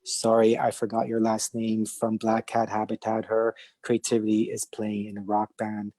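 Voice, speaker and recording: A man's voice: fairly low pitch, completely flat delivery, normal speed, warm tone, no room sound. A man from Canada, a podcast guest and illustrator, talking casually with a stutter, many fillers and restarts, and easy laughter. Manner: laughs easily. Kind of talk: casual conversation.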